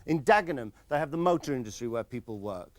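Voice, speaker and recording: A man's voice: mid-range voice, animated, fast talker, no room sound. A man narrating a comic documentary in a wry, sarcastic way, breaking in on interviewees.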